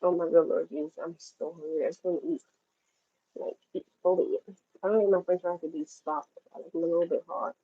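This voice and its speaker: A woman's voice: on the low side, steady tone, a little fast, husky, phone-quality sound. A woman from New York chatting casually to her livestream viewers while cooking at home, rambling and talking straight to them. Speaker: livestream host.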